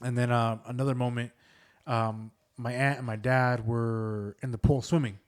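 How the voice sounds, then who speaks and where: A man's voice: mid-range voice, fairly even intonation, normal speed. A man hosting a podcast, telling family ghost stories in a loose, rambling way full of fillers. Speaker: podcast host. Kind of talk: casual storytelling chat.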